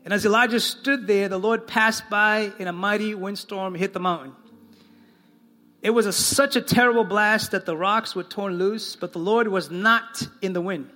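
Male pastor, high and ringing tone, expressive sermon delivery with slow, low quoted lines, faint music bed. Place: church in front of a congregation.

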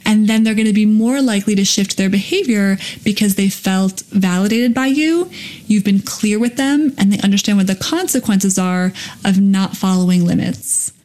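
A woman's voice: medium pitch, normal speed, a little mellow. A woman hosting a parenting podcast as a play therapist, explaining step by step and acting out what a parent should say. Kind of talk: podcast teaching.

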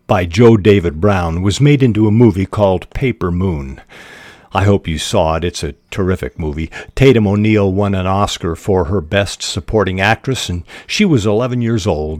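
A man hosting a fiction-writing podcast who explains craft in a measured, deliberate way, pausing often on "uh". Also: deep voice, expressive, darkish tone, no echo, studio quality. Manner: measured and deliberate, with frequent "uh" pauses. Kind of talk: instructional podcast talk.

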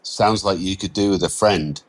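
A man's voice: sits low, normal speed, breathy edge. A man voices a chatty British man with an easy, persuasive charm. He talks breezily and sounds friendly on the surface.

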